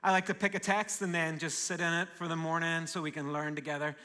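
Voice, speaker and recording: Northern Irish male pastor, bright, forceful voice, energetic and jokey from the pulpit. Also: fairly high pitch, fast talker. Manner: warm, joking and energetic. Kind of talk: live sermon. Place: large church auditorium.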